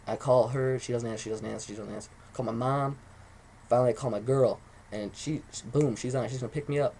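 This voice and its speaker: Fast-talking young man telling a story. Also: mid-range voice, a little hiss or hum. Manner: rambling, excitable, swears often. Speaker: vlogger. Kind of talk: casual storytelling to camera.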